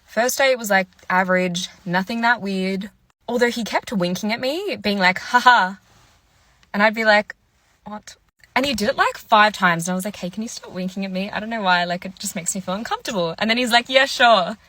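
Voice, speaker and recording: A woman's voice: mid-range voice, a little fast, fairly bright tone, dry recording. A young woman in her twenties, casually telling a dating story and acting out what each person said. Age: 20s. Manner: chatty, quotes people in their voices. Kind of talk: casual story time monologue.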